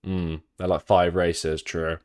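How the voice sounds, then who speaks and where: Brief: deep-voiced Midlands English man, rambling, sweary live-stream reaction chatter. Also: little pitch movement, takes it slowly, a little mellow, smooth. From England, Midlands. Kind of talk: casual live reaction chat.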